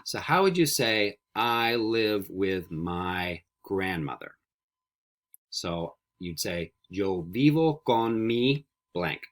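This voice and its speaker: Lively male Spanish teacher drilling words. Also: lowish voice. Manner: slow repetition drills, animated. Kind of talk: recorded language lesson.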